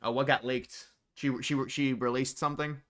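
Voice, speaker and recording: An American man hosts a casual livestream, answering chat messages as they come in. His voice has a bright edge, and he thinks out loud in loose, rambling commentary. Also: medium pitch, fairly even intonation, moderate pace. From United States. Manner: rambling, thinking aloud with frequent restarts. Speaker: livestream host.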